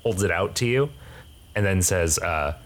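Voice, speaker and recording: Low-voiced man running a tabletop game. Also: animated, unhurried. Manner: hesitant, many fillers and restarts. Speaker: game master.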